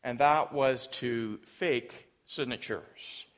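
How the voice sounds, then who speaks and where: A Canadian man delivers a sermon at an unhurried, deliberate pace. He preaches in a relaxed, conversational way, dropping in light humor and frequent ums and uhs. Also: medium pitch. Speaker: pastor.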